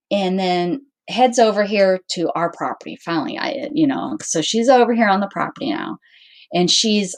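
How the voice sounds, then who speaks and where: Animated woman telling a story to viewers. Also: on the low side. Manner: animated, acts out quoted dialogue; rambling with frequent restarts. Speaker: channel host.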